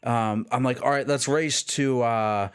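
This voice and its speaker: A man, co-hosting a podcast and telling a long, rambling anecdote in casual chat, acting out the shouting of people in his story. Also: medium pitch, fairly even intonation, unhurried, smooth. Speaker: podcast co-host.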